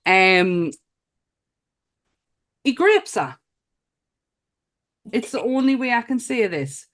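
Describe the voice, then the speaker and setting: A woman's voice: a little high, very animated, slow, a bit bright. A woman co-hosting a casual film review podcast, blunt and giggly, and she swears freely. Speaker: podcast co-host.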